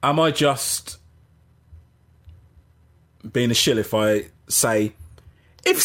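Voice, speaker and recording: A man hosting a casual gaming livestream, rambling and animated, often interrupting himself. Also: medium pitch, very slow, pauses often. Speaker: gaming channel host.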